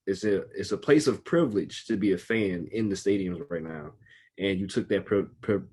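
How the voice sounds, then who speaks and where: A man's voice: sits low, normal speed, darkish tone, slightly rough. A man co-hosting a casual podcast, talking in an earnest, emphatic way. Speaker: podcast co-host. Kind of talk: casual chat.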